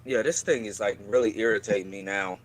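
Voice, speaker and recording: A man's voice: on the low side, a little fast. A man hosting a casual live stream chat, often stammering and repeating words as he starts his sentences.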